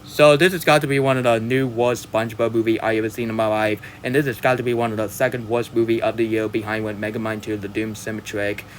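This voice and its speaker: A man's voice: on the low side, little pitch movement, fast, few pauses, slight background noise. A man delivering a rambling, ranting movie review vlog, repeating himself and often apologizing. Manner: exaggerated whooping yee-haw sign-off.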